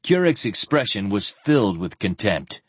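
A man reading an audiobook with a low, husky voice and a lively, animated delivery. The recording is dry and close, with no room sound. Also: normal speed, dry recording. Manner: expressive reading, shifting voices for characters. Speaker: audiobook narrator. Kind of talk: scripted narration.

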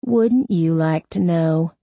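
A woman's voice: on the low side, slow pace, dark tone, no room sound. A snarling crude young male suspect, as a woman reads him. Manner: snarling and crude, turning whiny and panicked when hurt. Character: angry sneering young male suspect under interrogation.

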